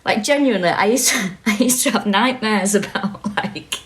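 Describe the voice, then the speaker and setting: A woman with a broad Manchester accent talks in loose, easy chat as a podcast co-host. She is blunt and swears freely, and she often breaks into laughter. Her pitch sits in the middle of the range for a woman. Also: moderate pace, a bit bright. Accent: Mancunian. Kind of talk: casual chat.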